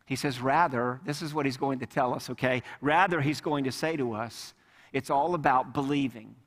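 A man's voice: mid-range voice, normal speed, fairly bright tone. A man preaching a sermon as a pastor, emphatic and repeating key words for weight, often putting questions straight to his congregation. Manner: addresses the congregation directly with questions. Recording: long reverb of a large hall.

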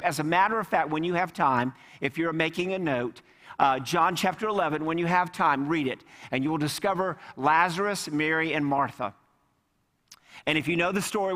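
Emphatic pastor preaching in a reverberant hall. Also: male voice, on the high side, bright, forceful tone. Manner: emphatic, repeats key words for weight; addresses the congregation directly with questions. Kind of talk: sermon. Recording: long reverb of a large hall.

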